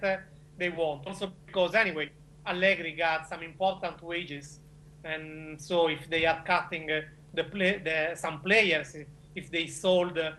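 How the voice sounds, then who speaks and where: Bright-toned man with an Italian accent. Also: high-pitched, a little hiss or hum. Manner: halting, searching for words, frequent uh. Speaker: Italian football correspondent. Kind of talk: joining a football chat over video call. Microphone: video call.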